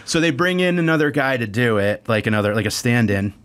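A man's voice: mid-range voice, fast talker. A man telling a comic story in casual chat, acting out the other people in it and laughing as he goes. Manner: animated storyteller acting out quoted voices, laughs often. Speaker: comedian guest.

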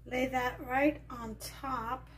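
A woman with a Southern US and New York accent works in her kitchen, hosting a casual cooking demonstration and talking in a laid-back manner. She has a high voice with a steady tone and speaks slowly, with background noise present.

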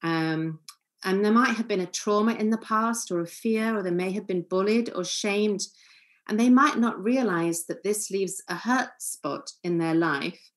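A woman giving a calm, earnest seminar lecture as a family therapist, acting out short example lines. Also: mid-range voice, a little slow.

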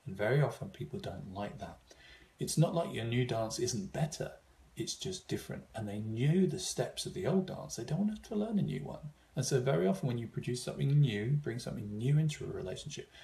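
A man's voice: mid-range voice, animated, fairly quick, vocal fry, dark tone. A man giving an informal seminar talk, thoughtful, with frequent fillers and restarts. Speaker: seminar speaker.

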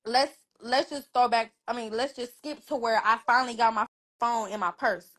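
A high-pitched young woman talks into her phone on a livestream, recounting events in a loose, casual way. She swears freely and jumps into the voices of everyone she quotes. It sounds like she's chatting from her bedroom. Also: moderate pace. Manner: animated, profane, acts out quoted dialogue. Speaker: livestream host.

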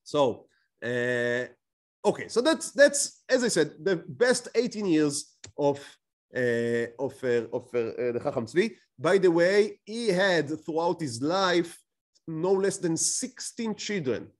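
Male lecturer, fairly high, very lively pitch, asks the class questions as he explains. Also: slow pace. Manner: explains with rhetorical questions, frequent restarts. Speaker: teacher.

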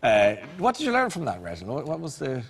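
A man's voice: mid-range voice, wildly swooping pitch, fast, gravelly, slightly rough. A man hosting a talk show, asking friendly probing questions and giving short affirmations. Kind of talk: interviewing a guest.

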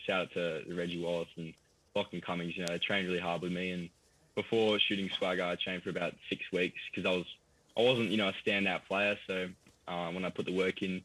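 A man's voice: deep voice, brisk, slight background noise, rough recording. A young Australian man with an Australian accent, chatting easily as an actor guest in a TV interview, laughing often. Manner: easygoing, laughs often, relaxed fillers. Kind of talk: casual TV interview.

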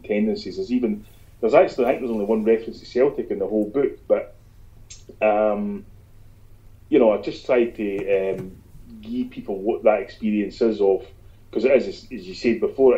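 A man with a Scottish accent, an author chatting as an interview guest, telling animated, sweary anecdotes. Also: lowish voice. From Scotland. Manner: animated storyteller, swears freely. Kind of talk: casual interview chat. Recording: dull lo-fi sound.

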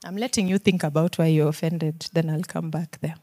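Low, steady, and warm, this woman's voice moves at a brisk pace as she preaches with a Kenyan accent. She urges her listeners earnestly, fires questions at them, and drops to near-whispers before pushing emphatically.

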